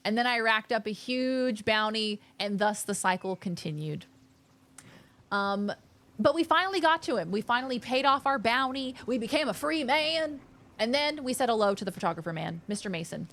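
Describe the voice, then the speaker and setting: A young woman streaming a game, chatting casually and gushing excitedly with her viewers. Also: a little high, moderate pace. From Australia. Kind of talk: casual live-stream chat.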